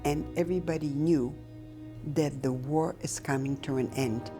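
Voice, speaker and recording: An older woman recounting her own memories in a slow, halting, reflective way with pauses. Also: deep voice, fairly even intonation, warm tone, soft background music. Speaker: Holocaust survivor giving testimony. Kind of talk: personal testimony, recounted memories.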